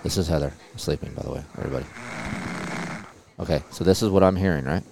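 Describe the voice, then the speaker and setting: A man in his forties hosting a podcast, telling stories in a casual, animated way with plenty of swearing. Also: extremely low pitch, fast talker, creaky, heavy background noise. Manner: animated storytelling with profanity. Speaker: podcast host. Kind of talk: casual chat.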